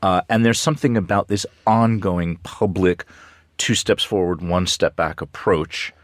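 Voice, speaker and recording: A very low-pitched man speaks as a news commentator on radio, weighing his points with a dry wit and scattered ums. The studio sound is close and dead, with no room around him. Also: fairly even intonation, measured pace, no room sound. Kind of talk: radio current-affairs discussion.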